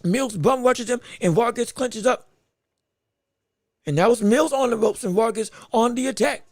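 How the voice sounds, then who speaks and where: A man hosting a live podcast, giving rapid round-by-round boxing commentary with excited outbursts. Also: very high voice, dry recording, clean studio sound. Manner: rapid play-by-play, excited outbursts, talks to the chat. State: hiccups.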